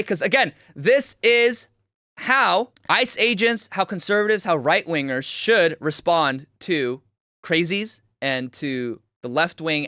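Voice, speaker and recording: A young man hosting a livestream, reacting to a video with loud, mocking, excitable commentary. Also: high voice, no echo, clean studio sound. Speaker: streamer host.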